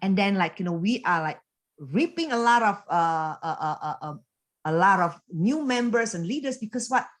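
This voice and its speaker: A woman giving a motivational coaching talk over a video call, animated and chatty, full of fillers and quick laughs. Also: medium pitch. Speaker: business coach and team leader.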